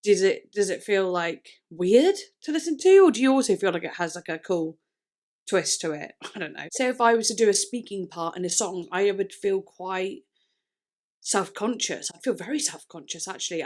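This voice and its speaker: A young British woman from the UK chats casually in a music reaction vlog, her mid-range voice lively, slightly mellow and a little fast. She rambles all over the place and trips over her words.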